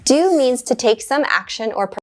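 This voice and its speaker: A woman teaching an English grammar lesson, explaining in a clear, measured way and giving short upbeat praise after each exercise. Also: fairly high pitch, expressive, a little hiss or hum.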